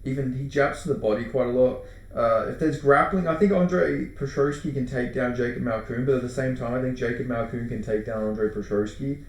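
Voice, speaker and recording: A man's voice: mid-range voice, brisk. An Australian man giving casual fight predictions, rambling, repeating himself and swearing offhandedly. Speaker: MMA fight predictions host. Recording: very echoey room.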